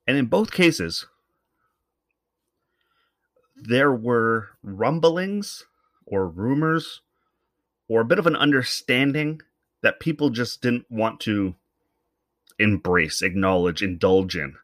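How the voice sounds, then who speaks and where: A man's voice: mid-range voice, expressive, slow pace, a bit bright, dry recording. A man hosting a solo podcast, talking bluntly and with some swearing in an opinionated, rambling monologue into a podcast microphone. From Canada. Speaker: podcast host.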